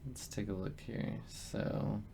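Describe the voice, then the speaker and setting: A man running a tabletop game as game master, with casual, filler-heavy, animated narration. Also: lowish voice, takes it slowly, gravelly, slight background noise.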